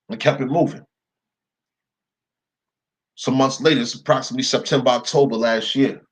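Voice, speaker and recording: A man's voice: mid-range voice, fairly even intonation, normal speed, pauses often, slightly rough, low-quality recording. A young man telling a story in a casual, profane rant, leaning on "yo" and "right?" for emphasis. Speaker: commentator. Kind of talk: casual ranting monologue.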